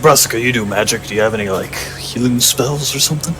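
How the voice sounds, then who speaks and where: A man playing a tabletop game, joking in quick banter with the table. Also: medium pitch, over music. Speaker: player. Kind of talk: casual tabletop game play.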